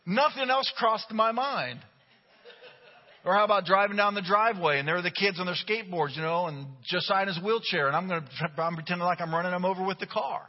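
A middle-aged man, a pastor, delivering a sermon with humorous, animated storytelling. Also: high voice, a little fast. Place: church sanctuary. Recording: dull recording with long hall reverb.

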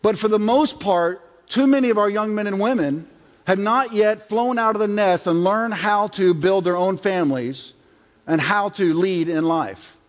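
A middle-aged male pastor with a high-pitched voice delivers a conversational sermon, slipping into acted-out quotes. His voice rings with the long reverb of a big hall. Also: unhurried.

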